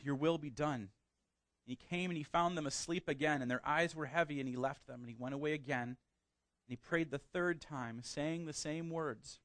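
A man's voice: on the high side, moderate pace, a bit bright, dry recording. Man preaching a sermon. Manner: reads scripture aloud, then preaches with rising emphasis; conversational, asks the congregation questions. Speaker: pastor.

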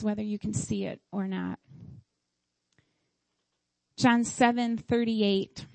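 A woman's voice: medium pitch, vocal fry, warm tone, dry recording, rough recording. A middle-aged woman giving a heartfelt sermon at a church service. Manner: heartfelt, tearful at times.

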